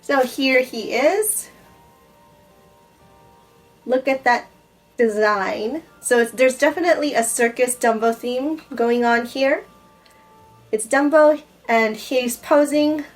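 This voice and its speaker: A woman unboxing gifts in a casual vlog, gushing and excitable, often breathless with delight. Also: high-pitched, takes it slowly, long pauses, faint music behind, poor audio. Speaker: YouTuber unboxing a gift box. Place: home in Japan.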